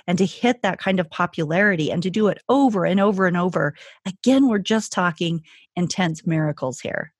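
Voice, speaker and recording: A woman's voice: medium pitch, husky, no echo, clean studio sound. A woman hosting a talk show interview, enthusiastic and effusive with her guests. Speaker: host.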